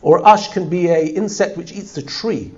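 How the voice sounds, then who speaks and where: Line by line, a Torah teacher translates for his class, lively and repeatedly asking "right?" to keep listeners with him. His voice sits high and moves at a moderate pace, and the recording's highs are cut off.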